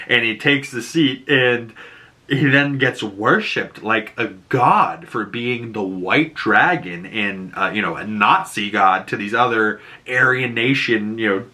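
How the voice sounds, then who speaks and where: A man's voice: medium pitch, bright, forceful tone. A man casually recapping a TV show, laughing often and swearing freely.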